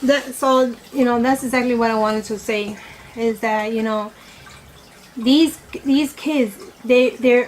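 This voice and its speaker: A woman's voice: fairly high pitch, steady tone, a little slow, a little hiss or hum, rough recording. A woman vlogger chatting casually about her opinions while eating, rambling and correcting herself as she goes. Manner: rambling, with many "you know" fillers and self-corrections.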